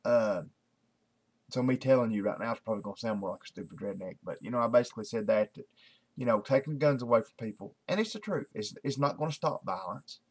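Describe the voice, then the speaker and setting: A man's voice: medium pitch, fast, darkish tone, husky. A man, talking to camera in a casual, rambling daily video blog, full of fillers and restarts. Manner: folksy, repetitive, many fillers and restarts.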